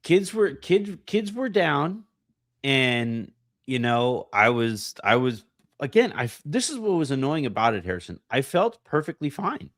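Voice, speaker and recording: A man hosting a casual podcast, hoarse from a voice that partly went away, rambling and self-deprecating with lots of fillers and restarts. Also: mid-range voice, sing-song, a little slow, fairly bright tone, dry recording, studio quality. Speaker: podcast host.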